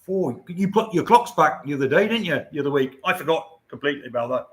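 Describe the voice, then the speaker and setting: A man's voice: on the high side, expressive, quick pace. An older man hosting a casual livestream, chatting to viewers in a rambling way and chuckling often. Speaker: livestream host. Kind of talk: casual live-stream chat.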